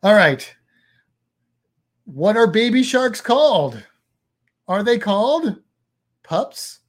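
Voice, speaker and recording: A man's voice: sits high, sing-song, takes it slowly. A man hosting a casual quiz chat, reading multiple-choice questions with playful jokes. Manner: playful, jokey quizmaster. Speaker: host.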